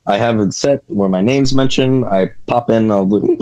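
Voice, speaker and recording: Male podcast guest, low-ish voice, relaxed and quick to laugh. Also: poor audio. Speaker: guest, independent wrestler. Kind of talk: casual podcast chat.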